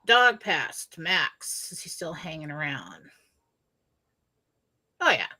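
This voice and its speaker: Bright-voiced laughing woman storyteller. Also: low voice, big pitch swings, slow pace, husky. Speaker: co-host. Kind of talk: casual chat, storytelling.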